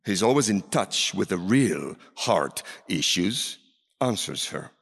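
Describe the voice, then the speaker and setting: Male preacher for a sermon: slow, very expressive delivery with wide pitch swings, long hall reverb. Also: gravelly, slightly rough. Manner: dramatic, swings from loud calls to near whispers. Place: large hall with a seated audience.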